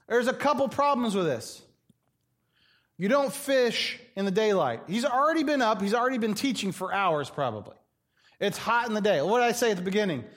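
Middle-aged male pastor, high-ish voice, animated preaching that acts out quoted voices. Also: fairly quick. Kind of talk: sermon.

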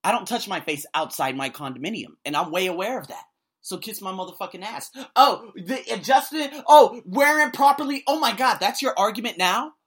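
A man who hosts an ESL podcast, ranting to camera with blunt profanity. He swings between loud outbursts and low muttering. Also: expressive, fairly quick. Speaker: vlogger and ESL podcast host. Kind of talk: angry opinion rant to camera.

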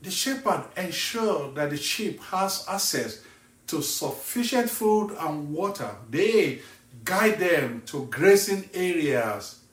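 A male evangelist from Nigeria preaching a sermon slowly and emphatically, asking the listener pointed questions. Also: sits high, fairly bright tone, distant mic. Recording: echoey room, voice set back from the mic.

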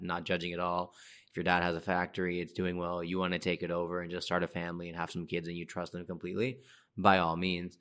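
A man's voice: low-pitched, fairly bright tone. A man hosting a podcast, giving blunt, chatty dating advice and calling listeners dude and bro. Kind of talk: casual advice monologue.

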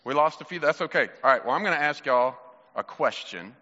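Speaking quickly with lively intonation, a male pastor quizzes children playfully during their sermon time. His voice sits on the high side and has a sharp edge. The sanctuary recording is muffled, with a long reverberant tail.

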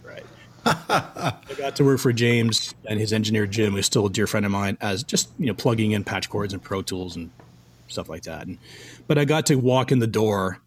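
There's a slight hiss or hum behind this middle-aged man's lowish voice. A film composer from Canada, he tells career stories in a casual interview, animatedly voicing the lines of the people in them.

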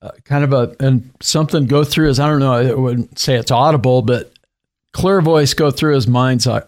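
Here a male author being interviewed speaks at a moderate pace and medium pitch. His story comes out lively and chatty, with quoted lines performed in character and bursts of laughter.

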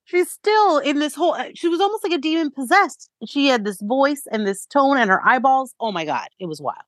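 A woman podcast co-host in casual gossip chat, recapping with animated emphasis. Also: high-pitched, brisk, no echo.

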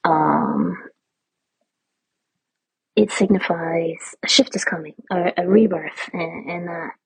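Woman, podcast host, very breathy husky voice, frank swearing chat, dry close sound. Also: fairly low pitch, darkish tone, dry recording, dull audio. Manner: candid and profane, often laughing, asks "right?". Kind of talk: casual spiritual monologue.

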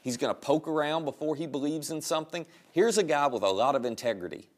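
A man's voice: on the high side, expressive, quick pace. A male pastor preaching a sermon in a conversational, storytelling way.

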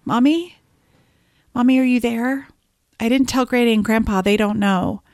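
A woman's voice: on the high side, normal speed, a little mellow, dry recording, natural voice. A frightened little girl begs in a raised, pleading voice, as a woman puts her on. She repeats herself anxiously. The sound is dry and close. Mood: scared, pleading.

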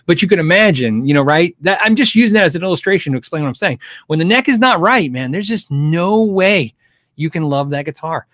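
A middle-aged man with a slightly high, bright voice hosts a casual livestream Q&A. He rambles and thinks aloud, restarting sentences and chuckling as he goes. The sound is close and dry, with no room around it. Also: animated, quick pace, dry recording. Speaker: guitar show host answering viewer questions.

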